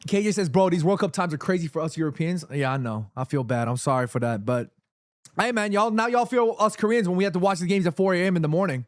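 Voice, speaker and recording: A man's voice: high voice, expressive, fast talker, no room sound, clean studio sound. A man streaming a football watchalong, thanking viewers by name and rallying the chat, swinging between hype and nervous murmurs. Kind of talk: live match watchalong, reading chat aloud.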